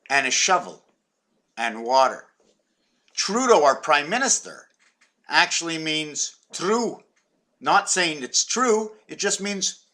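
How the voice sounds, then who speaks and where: A man's voice: sits high, sharp tone. A man from Quebec, Canada, talking in a meandering, playful vlog monologue full of wordplay and muttered asides. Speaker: vlogger.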